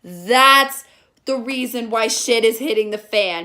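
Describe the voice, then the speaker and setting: A young woman in her twenties giving a sarcastic, profane comedic movie review, often mocking the characters in shrill voices. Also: takes it slowly, pushed and bright. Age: young adult.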